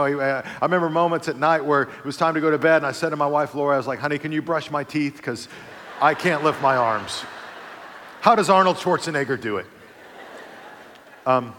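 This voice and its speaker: A male pastor delivers a sermon, spinning a humorous personal anecdote with energetic, comic build-ups and gentle, softer turns. His voice sits in an ordinary middle range. The sound carries the long reverb of a large hall. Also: mid-range voice. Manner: lively storyteller, builds to excited comic peaks then softens.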